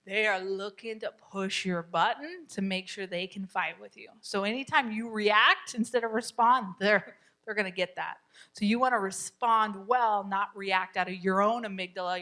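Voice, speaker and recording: A middle-aged woman teaching a parenting class to a live group, chatty and lively, often laughing and acting out what parents and kids say. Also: on the high side. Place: church meeting room.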